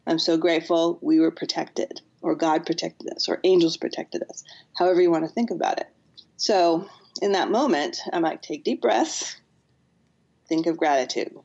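A woman's voice: low-pitched, darkish tone, lo-fi sound. A woman psychotherapist, a podcast guest, earnestly explaining with acted-out examples. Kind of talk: podcast interview.

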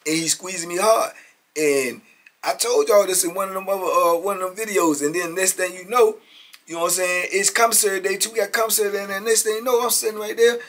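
A man's voice: sits high, steady tone, fast talker, a bit bright. A man in his fifties telling prison stories in a casual, emphatic street-talk monologue, often chuckling and tagging lines with "man".

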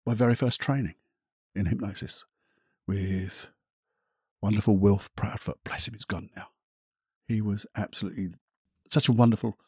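Husky middle-aged man, candid. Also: mid-range voice, darkish tone, no room sound, clean studio sound. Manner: reflective, candid, casual swearing, halting pauses. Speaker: hypnotherapist podcast host. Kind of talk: solo podcast storytelling.

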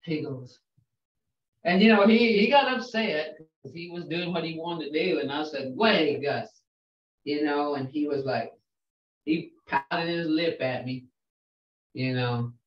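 An older woman teaching a language class, slowly sounding out syllables and words and repeating them patiently for her students. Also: deep voice. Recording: roomy, distant, dull lo-fi sound.

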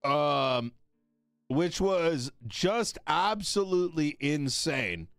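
Bossy young man, high lively voice. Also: gravelly, clear, resonant tone, no room sound, studio quality, faint music behind. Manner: bossy, fast, swearing. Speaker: streamer playing a gang boss. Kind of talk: in-character role-play and casual outro.

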